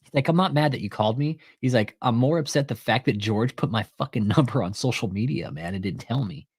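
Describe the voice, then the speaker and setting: The voice is a man's, mid-pitched, husky and somewhat dark, speaking fast in a dry recording. He hosts a casual commentary show, cursing freely while he reenacts a phone call, quoting each side of the exchange.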